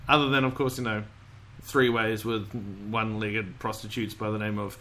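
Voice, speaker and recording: Bright-voiced rambling male podcast host. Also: on the low side, steady tone, moderate pace. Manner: rambling, chatty, swears casually, laughs often. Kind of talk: casual chat.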